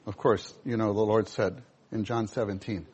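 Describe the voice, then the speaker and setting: A male preacher giving a sermon, animated, acting out scenes in voices. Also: on the low side, moderate pace, husky, dull audio.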